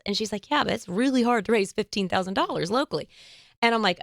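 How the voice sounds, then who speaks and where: A woman hosting an interview podcast, telling stories in a lively, animated way and acting out the voices of the people she quotes. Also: medium pitch, fast talker, dry recording, studio quality. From United States. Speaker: podcast host. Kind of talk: casual interview chat.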